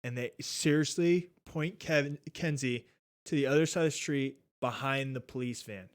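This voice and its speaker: A young man casually telling a travel story, animated and swearing often, acting out what people said. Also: medium pitch, moderate pace. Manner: animated, swears a lot, acts out quotes. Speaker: podcast guest.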